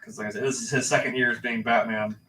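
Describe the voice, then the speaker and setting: A man's voice: mid-range voice, fairly even intonation, quick pace, bright, forceful tone. A man in casual chat on a livestream, rambling and laid-back, swearing now and then. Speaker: livestream co-host. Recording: roomy, distant mic with faint noise.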